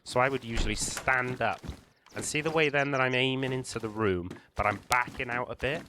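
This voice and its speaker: A man hosting a gaming channel, calmly talking the viewer through a survival game, explaining tactics with small restarts. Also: medium pitch, fairly quick, slight background noise. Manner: calm, explanatory, hedging with restarts. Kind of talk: gameplay walkthrough commentary.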